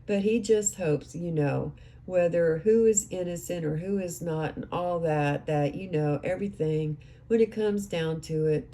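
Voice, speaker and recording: Low mellow woman recapping a case. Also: a little hiss or hum. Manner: recounting and quoting others. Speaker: true-crime commentator.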